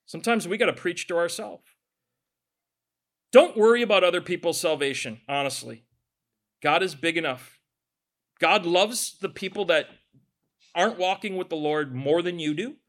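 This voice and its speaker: Animated high-voiced male pastor preaching. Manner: animated, conversational preaching with asides and acted quotes. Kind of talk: sermon.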